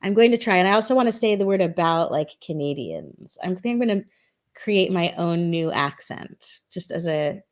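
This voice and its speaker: A woman's voice: on the low side, lively intonation, normal speed. A woman from Louisiana chatting playfully on a live panel show, hopping from thought to thought. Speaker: panel guest. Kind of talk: casual live panel chat.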